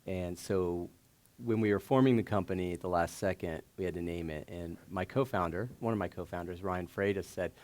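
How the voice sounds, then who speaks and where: A man telling stories onstage as a guest at a live event, animated and laughing often, with lots of fillers and restarts. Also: deep voice, fairly quick. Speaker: startup founder and guest. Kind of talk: casual onstage storytelling. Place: stage before a live audience.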